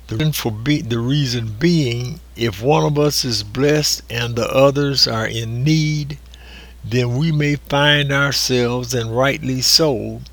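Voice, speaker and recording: A man preaching a recorded sermon, slow and deliberate, leaning on key words with drawn-out emphasis. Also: mid-range voice, vocal fry, sharp tone.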